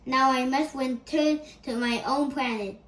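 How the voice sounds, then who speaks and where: A woman's voice: sits high, unhurried, a bit bright, slight background noise. A woman voicing a sentimental male alien third-grade teacher while reading a children's storybook aloud, in an echoey room.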